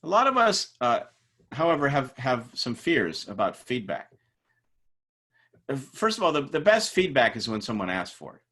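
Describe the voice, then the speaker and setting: A middle-aged male instructor with a mid-range voice, speaking at normal speed, teaches a class in a casual lecture style. He tells workplace anecdotes with animated storytelling, acting out the people he quotes.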